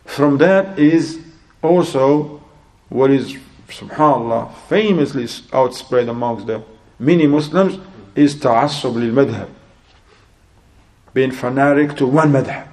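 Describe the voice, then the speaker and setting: A man giving a religious sermon in English, telling a story and acting out both sides of a conversation in a lively, rising voice. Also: mid-range voice, slow. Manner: acts out dialogue in an animated, rising voice; non-native English with Arabic religious terms. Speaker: Islamic preacher.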